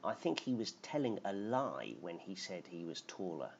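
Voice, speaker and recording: Male English teacher, low voice, slow and patient, on a dull lo-fi stream mic with faint hiss and keyboard typing behind. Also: sing-song, creaky. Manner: patient, explains slowly, reads out chat names. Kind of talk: live-stream grammar lesson.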